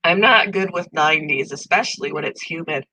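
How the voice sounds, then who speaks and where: A woman's voice: low voice, brisk, rough recording. A middle-aged woman hosting a casual live-stream chat, congested and tired, talking easily with viewers by name. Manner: chatty, talks to viewers by name, coos softly over pets. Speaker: channel host.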